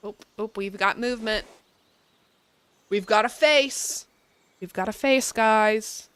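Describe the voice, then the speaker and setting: A woman's voice: mid-range voice, slow pace, long pauses, a bit bright, clean tone. A woman giving playful, teasing commentary as she plays a video game. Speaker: gaming video creator. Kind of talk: casual gameplay commentary. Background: faint game music.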